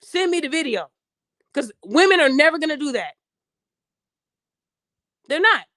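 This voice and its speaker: Podcast host, young woman, AAVE, high voice, blunt and lecturing, dry close sound. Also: big pitch swings, unhurried, sharp tone, no room sound. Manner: blunt, preachy, addresses listeners directly, acts out quoted voices. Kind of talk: opinionated podcast monologue.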